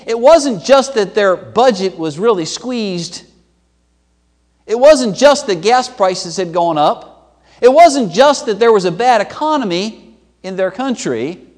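High-voiced preacher in a reverberant hall. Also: male voice. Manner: emphatic preaching with sweeping pitch and loudness swings. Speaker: pastor. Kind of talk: sermon.

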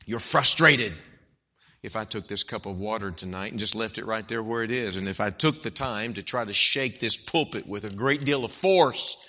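A man preaching an evangelical sermon, swinging from hushed, slow lines to loud, emphatic outbursts. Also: lowish voice.

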